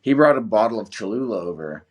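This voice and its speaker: Brief: young American man, lowish voice, loose swearing storyteller, casual podcast guest. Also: lively intonation, fast talker. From United States. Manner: profane, rambling storyteller, swears a lot. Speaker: guest, volunteer soldier.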